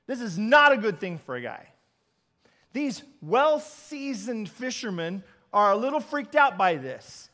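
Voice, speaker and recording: A male pastor delivers a sermon through lively storytelling. His voice sits unusually high for a man, swinging between loud emphatic bursts and quiet asides.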